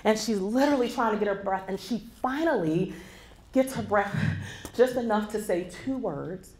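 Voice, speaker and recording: Animated woman giving a keynote in a hall. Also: medium pitch, moderate pace. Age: 40s. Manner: animated storytelling, addresses the audience directly. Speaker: keynote speaker. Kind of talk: motivational keynote speech. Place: conference hall before a live audience. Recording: echoey hall with faint background noise.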